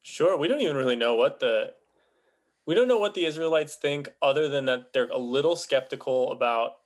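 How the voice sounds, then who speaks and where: A man co-hosting a casual, comedic podcast discussion, chatty and quick to laugh. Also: medium pitch, animated. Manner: chatty, laughs often, acts out quotes. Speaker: podcast co-host.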